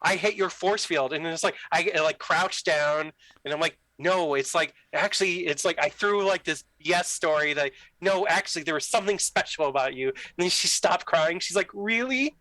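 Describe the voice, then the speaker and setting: A young man telling a story in casual chat, animated, acting out the dialogue with lots of "like" fillers. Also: fairly high pitch, moderate pace, no echo, low-quality recording. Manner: animated, acts out quoted dialogue, many "like" fillers. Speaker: podcast guest telling a story.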